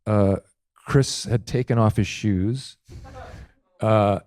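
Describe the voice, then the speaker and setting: A man's voice: fairly low pitch, slow pace, a little mellow, no room sound, studio quality. A man casually telling funny anecdotes as a guest, animatedly acting out the quotes.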